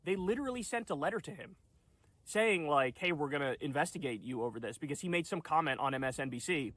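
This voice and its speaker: A man's voice: on the high side, lively intonation, quick pace, fairly bright tone, dry recording. A man doing political video commentary in a sarcastic, incredulous tone.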